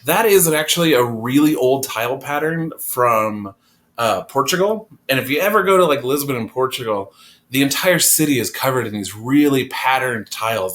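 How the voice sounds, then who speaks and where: A man with a medium-pitched, slightly bright voice teaches an art class in a classroom. His lecture on design principles is casual and conversational, with fillers.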